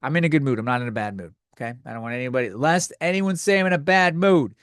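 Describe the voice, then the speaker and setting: A man's voice: mid-range voice, fast talker, clear, resonant tone, dry recording. A young man hosting a comedy podcast, ranting with profane exasperation into a close mic. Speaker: podcast host.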